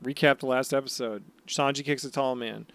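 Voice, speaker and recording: A man's voice: medium pitch, fairly even intonation, brisk, fairly bright tone, clear, resonant tone. A man co-hosting a casual podcast chat, teasing and swearing with enthusiasm. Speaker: podcast co-host.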